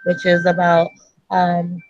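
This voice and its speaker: A woman in a class discussion, recounting her experiences slowly and thoughtfully with fillers. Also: fairly low pitch, completely flat delivery, lo-fi sound, soft background music. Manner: slow, thoughtful storytelling with fillers. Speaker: graduate student in a class webinar. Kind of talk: casual discussion.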